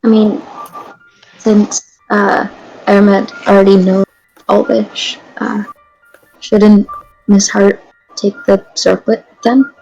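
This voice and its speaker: A woman playing a tabletop game on a voice call, quiet and halting, often giggling. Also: mid-range voice, level tone, gravelly, lo-fi sound, soft background music. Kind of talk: casual game chat.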